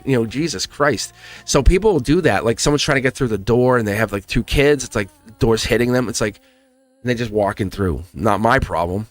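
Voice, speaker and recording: Man, chatty tarot reader on a live stream, animated and encouraging, middle pitch, faint music underneath. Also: brisk, no echo.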